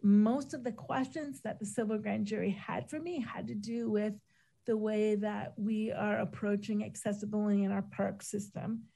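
A woman presents a report to a council in a measured, methodical way, pausing often on ums and uhs. Her voice is gravelly and fraying, as if she is losing it, with a dark, mellow tone. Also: mid-range voice, fairly even intonation, rough recording. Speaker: city disability office official presenting a report.

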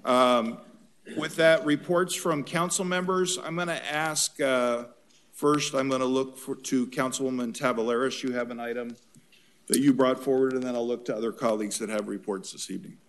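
A man runs a city council meeting as mayor, calling on speakers in a casual, good-humored way. His voice sits at middle pitch. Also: fairly even intonation, normal speed.

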